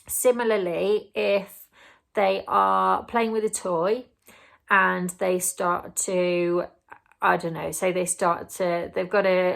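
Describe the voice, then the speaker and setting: A woman's voice: lowish voice, gravelly. A woman giving earnest, explanatory parenting advice to camera, sometimes acting out what a parent or child might say. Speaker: parenting vlogger.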